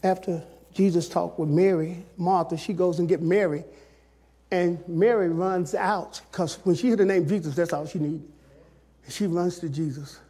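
Husky-voiced preacher who builds to shouts. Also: male voice, high voice, fairly even intonation. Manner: swings from soft, drawn-out phrases to shouted climaxes; colloquial, addresses the congregation directly. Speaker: pastor. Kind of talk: sermon.

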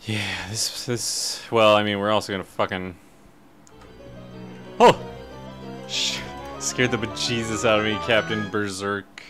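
A man's voice: on the low side, little pitch movement, normal speed, pushed and bright, soft background music. A man streaming a horror game live, commentating and swearing, yelping when startled.

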